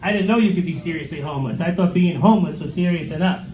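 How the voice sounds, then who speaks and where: A man's voice: on the high side, fast talker, darkish tone, slight background noise. A middle-aged man doing a stand-up comedy set, telling crude, sarcastic stories on stage in a comedy club. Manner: crude, sarcastic storytelling with acted quotes. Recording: roomy club with crowd laughter.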